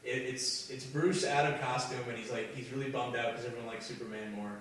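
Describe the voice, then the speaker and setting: A man's voice: medium pitch, steady tone, brisk, a bit bright, slight background noise. A young man co-hosting a casual podcast, chiming in eagerly and acting out funny bits from a story. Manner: eager, chimes in often, acts out bits while laughing. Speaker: podcast co-host. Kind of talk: casual chat. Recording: echoey room, distant from mic.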